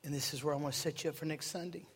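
A man's voice: a little high, steady tone, racing, slight background noise. A male pastor preaching an impassioned sermon in a church hall, full of rhetorical questions. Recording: reverberant hall with soft music.

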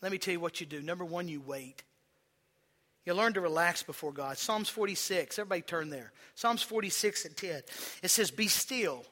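A male pastor delivers a sermon in a high, bright voice. He draws the congregation into call-and-response and has them repeat lines back. He slows down for quiet stretches, then builds to loud, forceful emphasis.

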